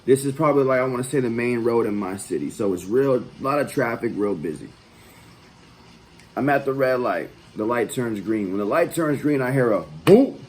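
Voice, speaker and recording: A man's voice: medium pitch, lively intonation, normal speed, a little mellow, poor audio. A man hosting his own channel, telling a personal story in a loose, profane, conversational way. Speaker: vlog host. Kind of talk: casual storytelling.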